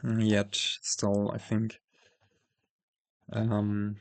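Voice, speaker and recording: Very slowly and with a completely flat delivery, a card-game host talks through his play in a low voice, thinking aloud, stumbling over fillers and correcting himself as his voice fades. The recording is dry.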